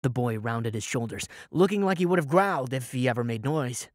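A man's voice: mid-range voice, expressive, a little fast, no echo, studio quality. A man narrating a first-person audiobook in a dramatic, wry way.

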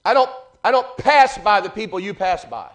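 A man preaching a fervent sermon in church, building rhythmic refrains and swinging between loud and hushed. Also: sits high, animated, normal speed. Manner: fervent, rising and falling in volume, repeated refrains.

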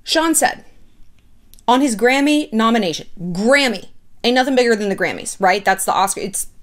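Woman gossip host, animated and sarcastic, fairly high voice that swoops all over. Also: normal speed. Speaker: pop culture commentary host. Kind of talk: casual gossip commentary.

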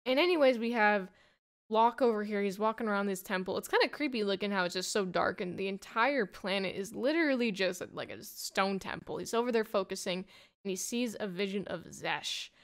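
A woman's voice: medium pitch, lively intonation, fairly quick. A woman giving a casual, rambling plot summary of a comic, full of "like" and "you know". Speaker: comic book reviewer.

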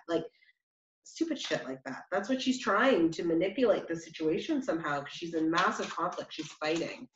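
A chatty woman reads tarot cards in a loose, rambling way, full of fillers. Her pitch moves a lot as she talks. The sound is roomy and slightly muffled. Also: expressive, moderate pace. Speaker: tarot reader. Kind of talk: casual tarot reading.

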